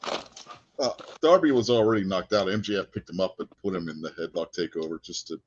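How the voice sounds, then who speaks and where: A man co-hosting a casual wrestling chat show, telling stories in an animated way and laughing often. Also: low voice, brisk, slight background noise. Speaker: podcast co-host. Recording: dull lo-fi podcast audio.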